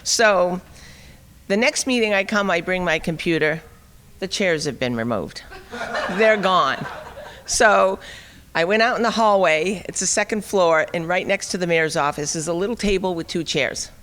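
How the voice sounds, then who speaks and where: Middle-aged woman telling a feisty story on stage, wry and animated, voice ringing round a big hall. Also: on the low side, normal speed. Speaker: speaker at a liberty forum. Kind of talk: storytelling talk. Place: conference hall. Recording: long reverb of a hall.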